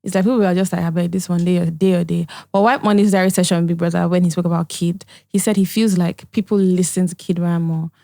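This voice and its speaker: Woman co-host, from Nigeria, rapid chatty delivery, dry close sound. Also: lowish voice, steady tone, gravelly, mellow, no room sound. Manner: chatty, quick back-and-forth. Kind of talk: casual chat.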